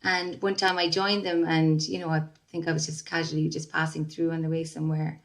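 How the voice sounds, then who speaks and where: A woman's voice: deep voice, little pitch movement, a little fast. A woman, a singer-songwriter, talking reflectively in a casual interview with many fillers and restarts. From Ireland.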